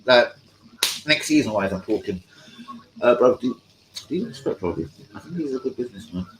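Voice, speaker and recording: A man's voice: medium pitch, very animated, brisk, slight background noise, low-quality recording. Swearing man talking football. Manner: casual, rambling, heavy swearing, slangy. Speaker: fan channel host. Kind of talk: live-stream football chat.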